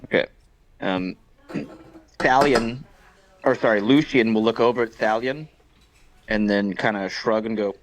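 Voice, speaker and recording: A man's voice: on the low side, measured pace, long pauses, a little hiss or hum. A man playing a tabletop game over voice chat, joking and swearing casually. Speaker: player. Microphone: online voice call.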